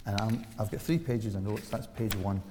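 Old guy in his 70s preaching, gets loud and fired up, big echoey church hall. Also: fairly low pitch, normal speed, background noise. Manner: animated, rising to loud emphatic peaks, rhetorical questions. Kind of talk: sermon. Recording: long hall reverb.

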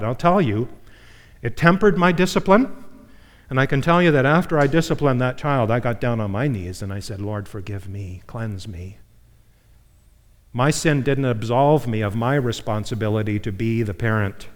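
A man's voice: medium pitch, normal speed. Man preaching a sermon in an echoing hall. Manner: conversational preaching with frequent "my friends" and "okay?". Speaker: pastor. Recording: long hall reverb.

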